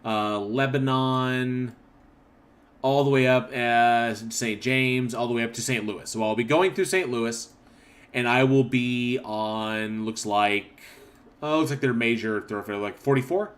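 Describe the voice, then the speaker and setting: A man's voice: medium pitch, a little slow. Rambling man hosting a livestream. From northern Oklahoma. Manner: rambling, restarts, reads chat aloud. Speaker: livestream host. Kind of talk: casual livestream chat reading comments.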